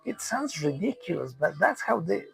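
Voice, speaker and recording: Gravelly, exasperated man. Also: high-pitched, big pitch swings, normal speed, low-quality recording. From Mexico. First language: Spanish. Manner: profane, exasperated, rambling with restarts. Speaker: commentator. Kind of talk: unscripted rant.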